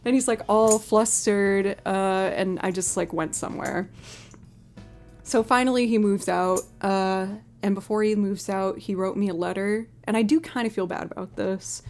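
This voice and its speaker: Chatting casually on her livestream, this musician spins an animated story at a normal speed. She acts out quotes with big upward leaps in pitch from her mid-register voice, and music plays faintly underneath.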